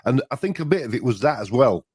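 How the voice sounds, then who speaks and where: A man's voice: medium pitch, big pitch swings, fast, darkish tone, husky, no room sound, studio quality. A man in casual chat, rambling with restarts and asides as co-host.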